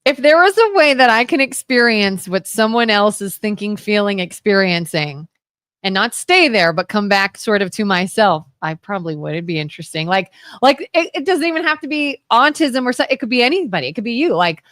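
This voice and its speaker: A woman's voice: mid-range voice, a little fast, no echo. Chatty woman co-host with a dry studio sound. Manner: rambling, animated storytelling. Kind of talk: casual talk radio chat.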